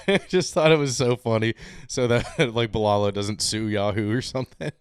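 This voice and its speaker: A man hosting a casual sports podcast, chatting loosely, laughing often and slipping into lively rants. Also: mid-range voice, smooth. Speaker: podcast host.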